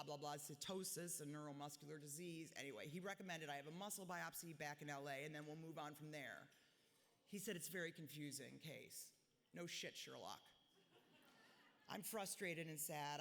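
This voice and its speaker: In a large hotel ballroom with a long, reverberant echo, a woman in her forties reads a diary-style personal speech at a gala. Her voice is low and creaky, and her tone is blunt and self-mocking.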